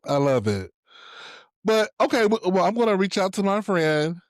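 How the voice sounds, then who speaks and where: In a clean, dry studio recording, a man with a high voice speaks at normal speed. He's co-hosting a podcast, chatting casually and telling stories with animation and plenty of laughter.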